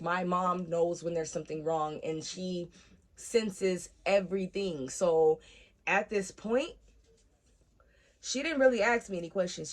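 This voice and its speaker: A young woman vlogger telling a personal story in casual, animated chat, swearing freely and acting out the voices of the people she quotes. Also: lowish voice.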